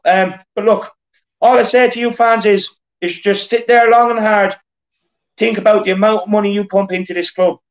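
An Irish man around thirty hosting a football fan show, talking earnestly and repeating himself as he rallies the fans. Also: high-pitched. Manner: earnest, repetitive, rallying the fans. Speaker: fan channel host. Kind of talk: casual football rant. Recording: dull lo-fi audio.

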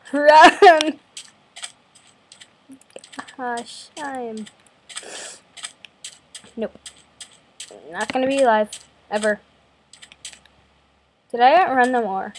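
A woman's voice: high voice, extremely slow, long pauses, slight background noise, low-quality recording. Jumpy young woman coughing through gameplay. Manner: self-deprecating, jumpy, breaks into squeals. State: slight cough from a cold. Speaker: gaming video host. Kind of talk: casual gameplay commentary. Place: bedroom at home.

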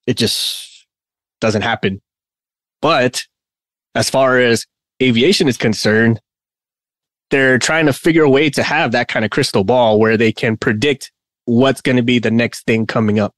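A man's voice: medium pitch, a little slow, pauses often, fairly bright tone, no room sound, clean studio sound. A man co-hosting a casual podcast, rambling and laughing often as he talks. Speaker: podcast co-host.

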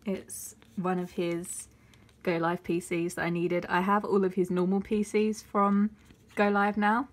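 Excitable woman vlogger, gushing. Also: fairly low pitch, unhurried. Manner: excitable and gushing, with gasps and squeals. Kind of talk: casual unboxing vlog.

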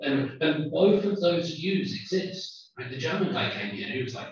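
A male guest lecturer talks to his audience in a chatty, joking manner, slipping in Korean phrases. His voice sits mid-range and booms around a large, reverberant hall. It was picked up from far away and sounds a little muffled. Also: big pitch swings, normal speed. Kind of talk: public lecture. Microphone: microphone, far from the recorder. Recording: echoey distant dull hall recording.

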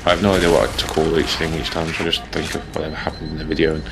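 Deep-voiced man rambling over gameplay. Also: monotone, rapid-fire, over music. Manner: rambling, self-mocking, jokey. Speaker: let's play host. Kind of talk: casual gameplay commentary.

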